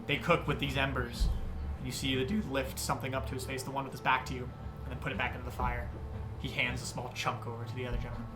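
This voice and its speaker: A young man narrating as game master, describing scenes in an animated, rambling way with many fillers. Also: medium pitch, quick pace. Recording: music under the voice.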